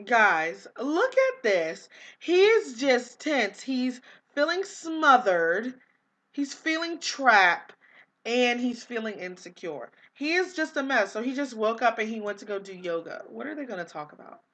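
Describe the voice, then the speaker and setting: Young woman rambling over a sim game, bright kinda high voice, lots of likes and ums. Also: very animated, measured pace. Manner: chatty, exasperated, lots of "like" and "um". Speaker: gaming vlogger. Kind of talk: casual life-sim gameplay commentary.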